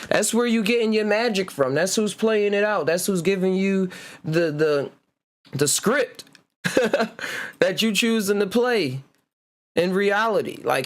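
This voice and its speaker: Podcast host, male, relaxed solo talk, slightly higher pitch. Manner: laid-back, laughs often, reads words out slowly. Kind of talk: casual solo chat reading etymology.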